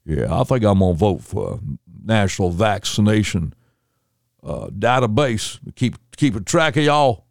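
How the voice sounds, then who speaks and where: A man's voice: on the low side, lively intonation, normal speed, creaky, no echo, clean studio sound. A man voicing a folksy, drawling southern male congressman in an easygoing way.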